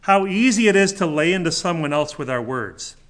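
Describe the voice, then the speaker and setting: Male preacher, slightly high voice, emphatic sermon delivery with repeated questions. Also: expressive, moderate pace, fairly bright tone. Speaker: pastor.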